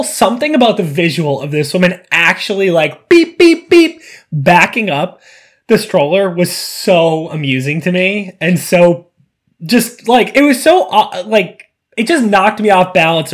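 Podcast co-host, male, lively storyteller with a swooping, expressive voice. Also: sits high, moderate pace. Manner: animated storyteller, acts out voices. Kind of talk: casual chat.

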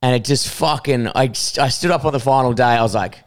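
A young Australian man co-hosting a casual comedy podcast, telling animated, swearing stories with laughs. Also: medium pitch, a little fast, smooth. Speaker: podcast co-host.

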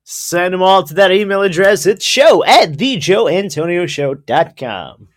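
A woman co-hosting a podcast, joking in relaxed banter. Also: on the low side, measured pace. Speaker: podcast co-host. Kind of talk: casual chat.

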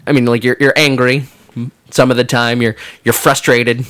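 A man's voice: mid-range voice, little pitch movement, moderate pace, a bit bright, smooth. A man, a father with young kids, telling a funny story on a podcast, laughing through it and acting out the quotes. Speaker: podcast co-host. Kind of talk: casual chat.

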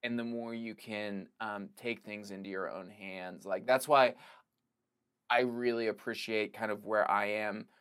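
A man's voice: fairly low pitch, fairly even intonation, a little slow, a bit bright, clear, resonant tone. Rambling man, casual podcast guest. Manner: rambling, full of "like" and restarts. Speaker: podcast guest, filmmaker and comedic actor. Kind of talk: casual conversation.

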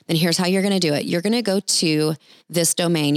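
A woman's voice: low-pitched, fairly quick, no echo. A woman ministry leader giving an encouraging talk with prayer, earnest and chatty, speaking straight to the listeners.

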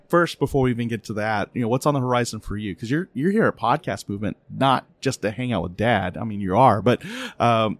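A man's voice: fairly low pitch, no echo. Middle-aged male podcast host, casual storyteller, dry close recording. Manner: storytelling, animated when laughing, filler-heavy. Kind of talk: casual interview chat.

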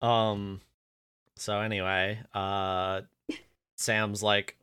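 A man's voice: fairly low pitch, animated, a bit bright, no room sound. A man co-hosting a podcast, recapping episodes in casual chat, often laughing and restarting his sentences. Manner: laughing, trailing off, halting restarts. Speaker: podcast co-host.

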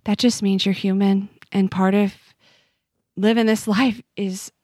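A woman's voice: mid-range voice, level tone, measured pace, warm tone, dry recording. Earnest woman guest, dry close sound. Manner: earnest and reflective, speaks from faith. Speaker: podcast guest, author. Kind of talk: conversational interview.

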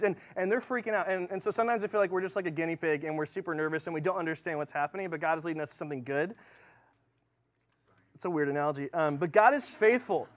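A man preaching a sermon in a relaxed, chatty way, full of fillers and restarts. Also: fairly high pitch, fast. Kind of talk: casual sermon.

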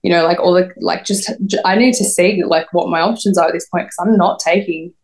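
A woman's voice: lowish voice, steady tone, a little fast. A young woman telling an interviewer her own story, rambling and full of "like". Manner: rambling, lots of "like", quoting others. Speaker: podcast guest. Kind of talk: recounting a personal story in an interview.

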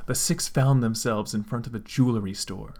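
A man dramatically reading fan fiction aloud, with deadpan asides. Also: medium pitch, moderate pace. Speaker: comedic fanfic reader.

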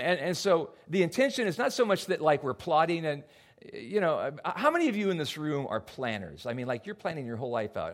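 An older man preaching a sermon as a pastor, often repeating words as he restarts and acting out quoted voices. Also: medium pitch. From United States. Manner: animated, acts out quoted voices. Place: church hall before a congregation.

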